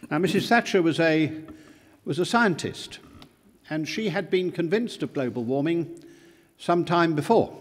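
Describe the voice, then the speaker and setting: Older man from Britain, conference speaker: high, animated pitch, deliberate emphatic delivery, long hall reverb. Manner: measured, emphatic oratory with slow pauses. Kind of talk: formal speech. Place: large town hall.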